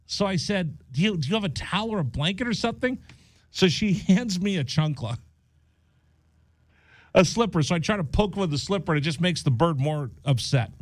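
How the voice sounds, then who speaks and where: A man's voice: high-pitched, moderate pace, no room sound. Radio host guy telling a story, voice jumps all over, dry studio mic. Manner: animated, acts out voices in his story. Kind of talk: casual radio chat, storytelling.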